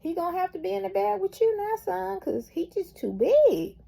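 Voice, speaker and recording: A woman's voice: extremely high pitch, big pitch swings, normal speed, gravelly, warm tone, pitched above the performer's own voice, exaggerated voice. A woman voicing a plain-spoken, practical father who talks in a folksy way.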